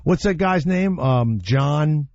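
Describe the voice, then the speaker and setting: A man's voice: on the high side, takes it slowly, no room sound, lo-fi sound. A man hosting a talk radio show, telling stories in an opinionated, blunt way with some swearing. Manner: opinionated, animated storytelling with blunt profanity. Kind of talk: casual talk radio chat.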